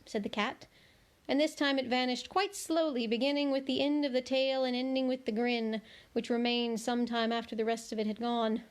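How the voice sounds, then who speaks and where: A woman reading a children's book aloud at home, with lively, expressive storytelling. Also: fairly high pitch, a little fast. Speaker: read-aloud host.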